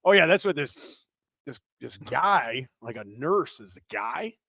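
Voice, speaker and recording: A man co-hosting a podcast, telling crude, animated stories in a casual chat. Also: fairly high pitch, unhurried, creaky, husky, no echo, clean studio sound. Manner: animated, profane storytelling with laughs. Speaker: podcast co-host.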